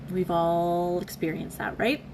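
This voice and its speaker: A woman's voice: on the low side, steady tone, creaky, darkish tone, a little hiss or hum, low-quality recording. Earnest woman sharing a devotional. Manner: earnest, candid, halting, emotionally open. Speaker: devotional vlogger. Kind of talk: casual devotional reflection.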